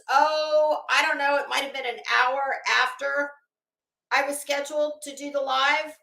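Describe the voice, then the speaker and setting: Female livestream host, chatty and rambling, bright tone, echoey home room. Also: sits high. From Florida. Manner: chatty, greets viewers by name, rambling asides. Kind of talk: casual livestream chat.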